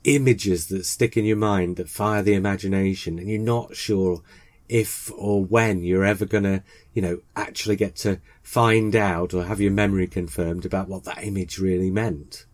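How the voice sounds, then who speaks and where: A man hosting a podcast, reading a scripted introduction and then chatting with a co-host in a measured, reflective way. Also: low voice, fairly even intonation, a little mellow, dry recording. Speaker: podcast host and series editor.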